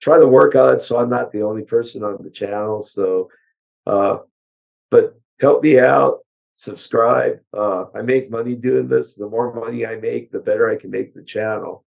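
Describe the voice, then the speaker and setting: An older man, a car engineer, chatting bluntly and ramblingly as an interview guest, his voice hoarse. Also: medium pitch, normal speed, highs cut off. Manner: blunt, rambling, with many fillers. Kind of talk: casual interview chat.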